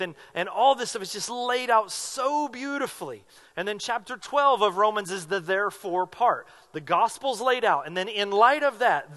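A man's voice: high voice, pushed and bright. A man preaching a sermon as pastor, earnest and emphatic, repeating phrases for weight.

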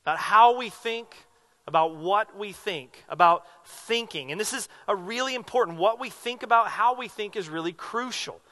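A man's voice: high-pitched, normal speed, pushed and bright. A man preaching a sermon as pastor, earnest and emphatic, repeating phrases for weight.

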